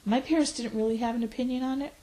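A woman in her forties, reflecting on her life in an interview, pausing often with fillers. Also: fairly high pitch, steady tone, warm tone, low-quality recording. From United States. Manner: reflective, hesitant with frequent fillers. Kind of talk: oral history interview.

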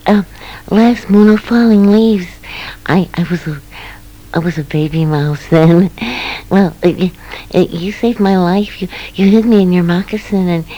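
A woman voicing a small, cheerful male field mouse who squeaks and stammers eagerly. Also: warm tone, highs cut off, lightly acted.

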